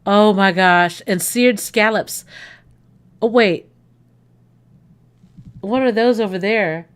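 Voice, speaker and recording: A woman hosting a casual livestream, chatting excitedly. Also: medium pitch, slow pace, clear, resonant tone. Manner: excitable, gushing, talks to viewers. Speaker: livestream host.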